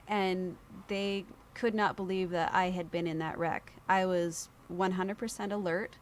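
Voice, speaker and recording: A woman appearing as a podcast guest shares a personal story in lively conversation, acting out the voices of the people she quotes. Her voice sits on the low side and she talks a little slowly, with slight background noise.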